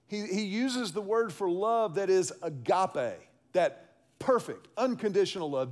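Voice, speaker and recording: A male pastor preaching a sermon in an emphatic, animated way, calling on the congregation to respond. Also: high-pitched, a little slow.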